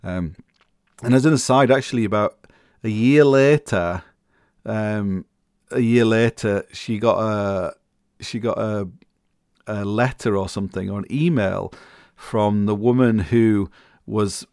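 Chatty middle-aged man, low voice, dry. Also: a little slow, pauses often, darkish tone, clean tone, no room sound. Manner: rambling, many restarts and fillers, chuckles often. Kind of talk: casual rambling monologue.

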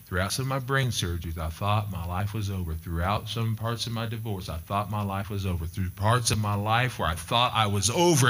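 A man's voice: lowish voice, brisk, hardly any pauses, fairly bright tone. A middle-aged male pastor delivering a sermon, telling stories and repeating key points for emphasis. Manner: emphatic, repetitive storytelling preacher.

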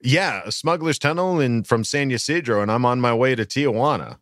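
A man's voice: medium pitch, brisk, fairly bright tone, dry recording, clean studio sound. A man hosting a podcast in a casual, jokey chat, laughing easily. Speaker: podcast host.

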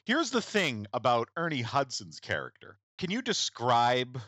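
A man's voice: mid-range voice, huge pitch swings, a little slow, pushed and bright. A man co-hosting a podcast, chatting about a movie with sarcastic humor and quizzing the other hosts. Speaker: podcast co-host. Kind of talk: casual comedic movie chat.

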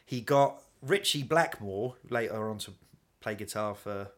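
A man, a guest in a casual chat, telling stories in an animated, chatty way and laughing often. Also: fairly low pitch, unhurried. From England.

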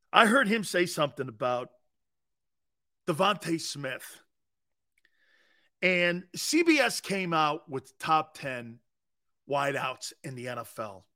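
A male sports talk show host bantering with live chat, teasing and sarcastic, laughing often and repeating himself. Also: a little high. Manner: animated, repeats words and restarts.

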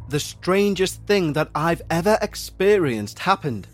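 A man's voice: on the high side, very animated, measured pace, hardly any pauses. Man narrating an eerie story. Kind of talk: scripted narration.

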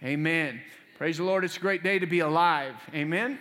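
A man's voice: a little high, moderate pace, sharp tone, in a large hall. A middle-aged man preaching as a pastor in a church, praying and speaking with fervent, emphatic delivery and folksy asides. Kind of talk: sermon. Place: church sanctuary.

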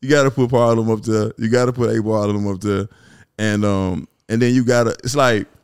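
A middle-aged man with a Memphis Southern accent talks in a loose, rambling way, dropping "you know what I'm saying" again and again. His voice sits low. He is a guest in a relaxed interview chat. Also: fairly quick, clear, resonant tone. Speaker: guest rapper and producer.

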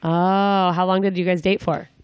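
A woman's voice: fairly low pitch, little pitch movement, moderate pace, clean tone, no room sound. A young woman interviewing a guest in a casual, joking way, full of rambling asides.

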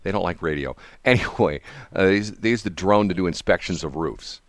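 On a radio morning show, a male host chats casually and animatedly, rambling and laughing often. His voice is low and fairly quick, recorded with no echo.

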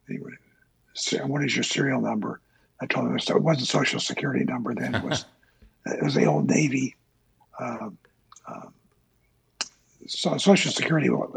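Gravelly, husky older man. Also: medium pitch, dry recording, low-quality recording. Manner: slow, halting recollection with many uh fillers. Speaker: interviewee, former Navy pilot. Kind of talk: oral history interview.

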